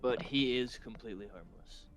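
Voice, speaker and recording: A man playing a tabletop game, chatting in a lively, jokey way. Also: medium pitch, moderate pace. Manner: lively, jokey in-character play. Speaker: player. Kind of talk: casual game table chat.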